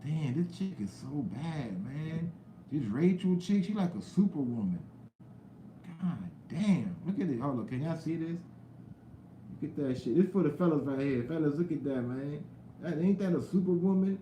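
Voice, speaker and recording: A man's voice: a little high, expressive, moderate pace, roomy sound, slight background noise, rough recording. Laid-back young man streaming live. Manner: loose, rambling talk with slang and cursing, greets chat viewers loudly. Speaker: live stream host chatting with viewers. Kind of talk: casual live-stream chat.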